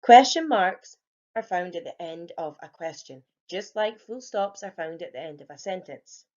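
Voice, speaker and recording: With a fairly low, animated voice at a moderate pace, a young woman teaching primary grade patiently explains grammar at a whiteboard to young children as a home learning lesson. Her manner is clear and encouraging, the tone darkish and the highs cut off.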